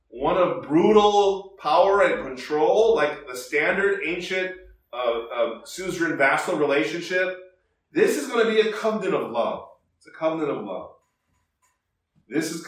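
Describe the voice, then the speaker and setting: A man preaching a conversational Bible lesson, with a slightly high voice. He stumbles and restarts often, lifting his voice for quoted lines. The sound is heavy with echo, picked up from far across a large hall. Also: fairly bright tone. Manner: conversational, many restarts and fillers, rising emphasis on quotes. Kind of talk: expository Bible teaching.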